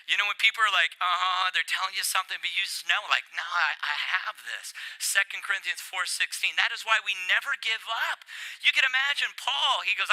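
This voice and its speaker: An older man preaching a sermon, animated and playful, getting worked up as he speaks. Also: high-pitched, normal speed, poor audio. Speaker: pastor.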